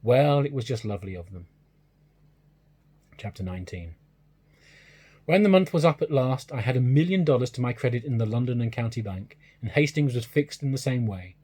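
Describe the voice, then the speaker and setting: A man reading a classic short story aloud in a measured, even narration. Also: mid-range voice, breathy edge. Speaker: reader.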